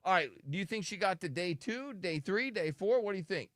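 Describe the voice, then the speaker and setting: A man's voice: high-pitched, expressive, a little fast, a bit bright, no echo, clean studio sound. A man hosting a live radio show, teasing his co-hosts with crude jokes. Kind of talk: live morning radio banter.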